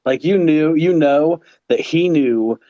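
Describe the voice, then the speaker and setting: A man's voice: fairly high pitch, takes it slowly, mellow, no echo. A man co-hosting a podcast in laid-back casual chat, laughing along. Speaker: podcast co-host. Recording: dull lo-fi dry sound.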